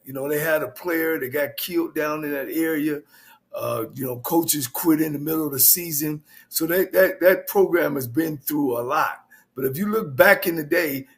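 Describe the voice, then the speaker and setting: Brief: male co-host, easygoing football analysis, lots of "you know". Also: a little high. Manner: easygoing, laid-back delivery with fillers. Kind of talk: casual sports talk.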